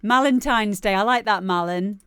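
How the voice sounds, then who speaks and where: A woman's voice: medium pitch, moderate pace, fairly bright tone, smooth, no echo, clean studio sound. A woman hosting a livestream show, chatting casually and giggling, rambling with lots of fillers.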